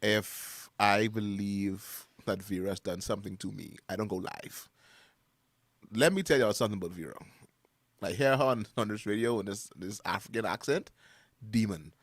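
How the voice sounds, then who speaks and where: A man's voice: on the low side, normal speed, dry recording. A man co-hosting a morning radio talk show, rambling about church with frequent laughs and restarts. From Bahamas. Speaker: radio co-host. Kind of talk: casual chat about faith. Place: radio studio.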